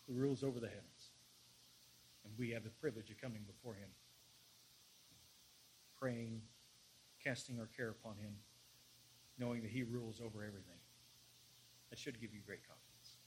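A man preaching and praying in an earnest sermon, often repeating words as he searches for the next phrase and building to louder passages. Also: lowish voice, a little hiss or hum, low-quality recording. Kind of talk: sermon with prayer.

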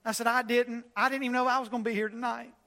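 High-voiced preacher, animated. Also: male voice, quick pace, creaky, in a large hall. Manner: animated, swings between loud preaching and quiet. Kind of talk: sermon storytelling. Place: church.

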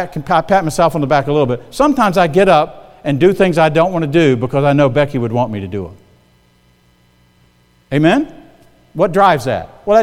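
Older male preacher in a reverberant church. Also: sits high. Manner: conversational, often checking in with the congregation. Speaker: guest preacher. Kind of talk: sermon.

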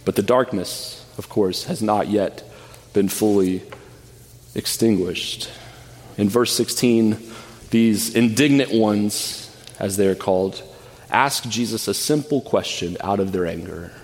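A man's voice: lowish voice, unhurried. A man preaching a sermon earnestly and emphatically, often repeating words as he goes. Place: church sanctuary. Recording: long church hall reverb.

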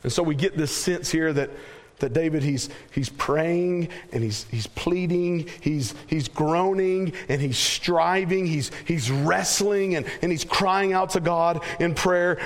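Slow, emphatic Southern preacher man. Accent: Southern American. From American South. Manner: slow, emphatic, repeats phrases, drops pitch at phrase ends. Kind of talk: sermon.

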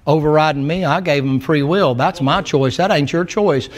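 A man preaching a sermon, telling Bible stories in a folksy, animated way and acting out the characters' words. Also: fairly high pitch, moderate pace. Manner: folksy, animated storytelling with acted quotes.

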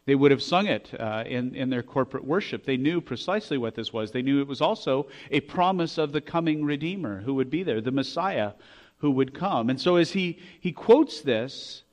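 A man preaching a sermon, earnest, restarting phrases, growing loud as he reads scripture aloud. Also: medium pitch, expressive, moderate pace. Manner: earnest, repeats words when restarting, rises to loud when reading scripture.

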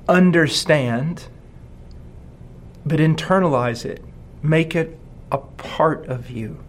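Emphatic preacher man, slow stressed words. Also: fairly high pitch. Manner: emphatic, rhetorical questions, slows down for stress. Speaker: pastor. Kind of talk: sermon.

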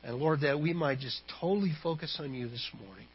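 A male pastor leading a prayer and sermon, halting with frequent fillers. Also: a little high, slightly rough, lo-fi sound. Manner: halting, many fillers and restarts.

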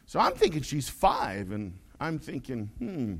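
A man's voice: mid-range voice, a little slow, slightly rough. A man preaching a sermon, telling a folksy story and acting out the voices in it. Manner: folksy, animated, acts out quoted voices. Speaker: pastor.

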